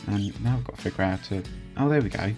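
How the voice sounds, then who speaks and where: A man's voice: lowish voice, quick pace, music in the background. A young man talking casually over a screen recording as host, chatty and hesitant, full of fillers and restarts. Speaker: channel host reviewing software.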